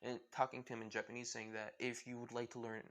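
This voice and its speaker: A man's voice: mid-range voice, flat delivery, fast, a bit bright. Rambling man retelling a story casually. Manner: rambling, with many fillers and self-corrections.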